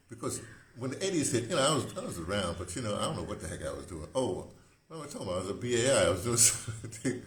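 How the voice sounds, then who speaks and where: A man around seventy, hosting a rambling, casual monologue, often breaking off and circling back mid-thought. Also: on the low side. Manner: digressive, self-interrupting, conversational. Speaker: host. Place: room, indoors. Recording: echoey room with faint hiss.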